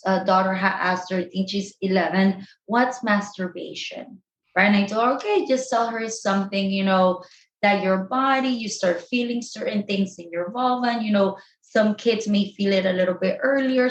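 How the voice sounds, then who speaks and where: A woman sex therapist giving animated advice as an interview guest, often addressing listeners directly and dropping in Spanish phrases. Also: on the high side, highs cut off. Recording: echoey room.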